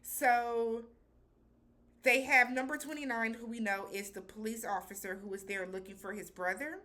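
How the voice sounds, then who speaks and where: A woman's voice: fairly high pitch, steady tone, normal speed, pushed and bright. A woman recapping a TV episode in a loose, chatty way, with slangy phrasing and lots of filler words. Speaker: TV show reviewer.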